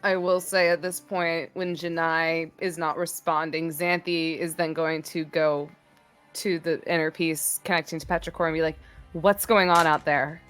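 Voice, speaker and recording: A woman's voice: low voice, little pitch movement, moderate pace, soft background music. A woman playing a tabletop game, casually describing what her character does. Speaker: player.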